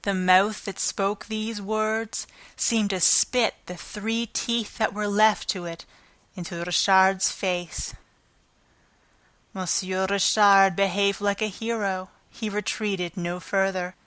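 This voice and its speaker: A woman narrating a classic novel as an audiobook, with a measured, expressive reading. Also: medium pitch, clean tone, no room sound.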